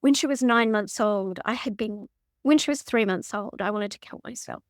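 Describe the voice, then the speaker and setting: A woman's voice: mid-range voice, moderate pace, no echo, clean studio sound. A middle-aged woman telling her personal story as a podcast guest, earnest and emotionally open. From New Zealand.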